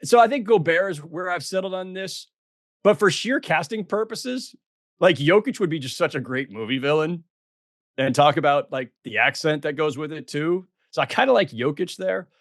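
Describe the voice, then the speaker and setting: A man's voice: fairly high pitch, expressive, normal speed, dry recording, clean studio sound. A middle-aged man co-hosting a podcast, chatting casually and self-deprecatingly with lots of fillers and restarts. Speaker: podcast co-host.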